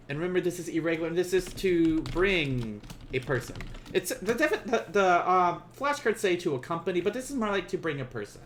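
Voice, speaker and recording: A man's voice: a little high, expressive, fairly bright tone, slight background noise. Playful man teaching Japanese on stream. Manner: playful, laughs and teases chat viewers; slows down to pronounce Japanese words. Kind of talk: casual live-stream lesson.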